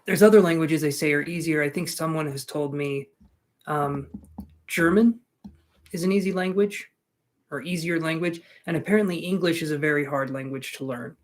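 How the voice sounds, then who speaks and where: A man hosts a live tarot reading in a relaxed, chatty way. His voice sits a little high for a man. He calls out viewers' names and jokes between draws. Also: normal speed. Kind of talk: casual live-stream chat.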